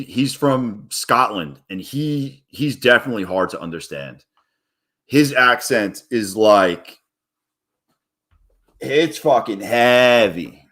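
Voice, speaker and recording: A man's voice: mid-range voice, fairly bright tone. A man streaming his day trading live, talking viewers through chart moves in a casual, blunt way and swearing freely when a trade goes wrong.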